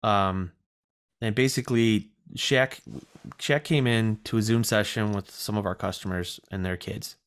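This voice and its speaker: A man with a fairly low, slightly nasal voice talks casually as co-host of a chat show. He rambles through stories with ums and uhs and pokes fun at himself. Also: steady tone, unhurried, clean tone. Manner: rambling storyteller with fillers and self-deprecating asides. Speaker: podcast co-host.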